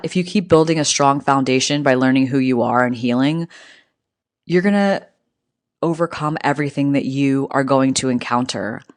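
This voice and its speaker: A woman's voice: rumbling low, no room sound, clean studio sound. A woman delivering a blunt, profane motivational monologue in emphatic, rhythmic phrases that nearly rhyme. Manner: rhythmic, near-rhyming phrasing. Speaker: motivational speaker.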